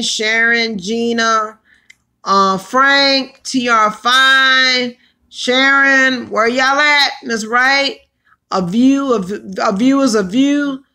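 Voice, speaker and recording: A woman hosting a casual livestream, chatty and hoarse from allergies, exclaiming and calling out to her viewers. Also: on the high side, sharp tone. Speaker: livestream host.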